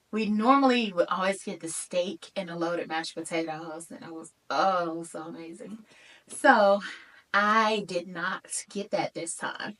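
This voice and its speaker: A woman vlogger tells a personal story in an animated, conversational way and talks to her viewers directly. She takes her time over her words. She is recorded from a little distance, so her voice sounds slightly removed. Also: mid-range voice.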